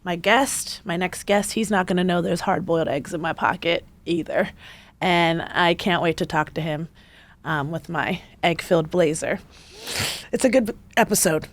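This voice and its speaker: A woman hosting her podcast, delivering a playful, jokey solo monologue with animated asides. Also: fairly low pitch, normal speed. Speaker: podcast host.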